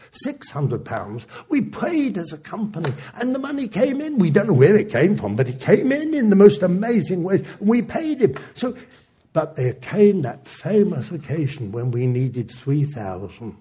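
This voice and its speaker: A man preaching, telling a testimony story in an animated way with frequent chuckles. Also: a little high, slightly rough.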